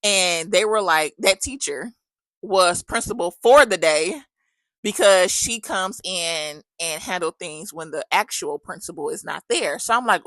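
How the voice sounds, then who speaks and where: A woman's voice: lowish voice, measured pace, no echo. A woman, likely a mother of several kids, telling a story in a casual chat style and animatedly acting out the people she quotes. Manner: animated, acts out quoted dialogue.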